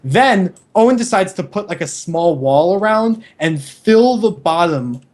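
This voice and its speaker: A man's voice: high-pitched, animated, measured pace, a little mellow. A young man, a podcast co-host, tells a rambling story in casual chat, correcting himself and swearing offhandedly.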